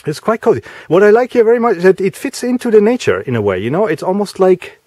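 A man talking casually as he walks through a house, giving a vlog tour with a chatty, wry, deadpan humor. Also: high voice, quick pace. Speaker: vlogger house sitting.

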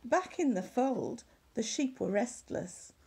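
A woman reading a children's story aloud at church, animated, dropping to hushed whispered asides. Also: on the high side, takes it slowly, gravelly, slightly rough.

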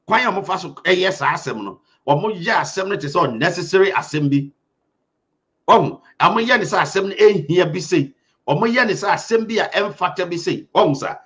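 A man's voice: high-pitched, a bit bright. A man with a Ghanaian accent giving impassioned, urgent commentary as a host, speaking emphatically. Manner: urgent and emphatic, mixing Twi and English. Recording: dull lo-fi sound.

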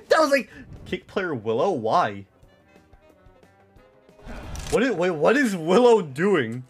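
A young man with a high, very lively voice that leaps up and down as he comments on his own live gameplay. He rambles, swears freely and leans on filler words, and faint music plays underneath him. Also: slow pace. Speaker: streamer.

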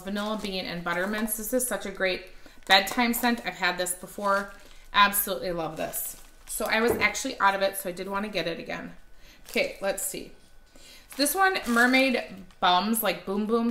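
A woman in her thirties talks excitedly and directly to her viewers from a room at home, gushing over each item in an easy, casual way. Her voice sits in a middle range, and the room gives it a clear echo. A few faint clicks sit under the speech. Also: a little hiss or hum. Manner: slips into a high baby-talk voice for her dog. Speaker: wax haul vlogger. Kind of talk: casual product haul chat.

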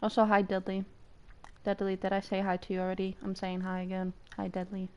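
A young woman streamer chatting casually with her viewers, excitable, squealing and laughing often and swearing freely. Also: mid-range voice, brisk, clean tone, highs cut off.

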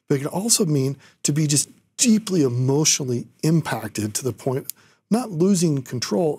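A man co-hosting a scripture study explains a word's shades of meaning with care. His voice is dark and strongly raspy, captured close and dry with no room sound. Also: medium pitch, no room sound. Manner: explains word meanings carefully. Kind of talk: scripture lesson discussion.

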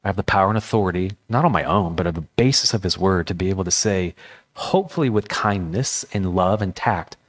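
In a church, a male pastor with a deep voice preaches at a fairly quick pace. He's earnest and impassioned, weaving personal anecdotes into his sermon.

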